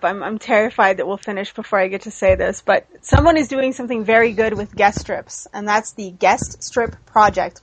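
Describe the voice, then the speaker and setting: A woman co-hosting a casual podcast chat, upbeat and quick to laugh. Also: mid-range voice, poor audio. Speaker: podcast co-host.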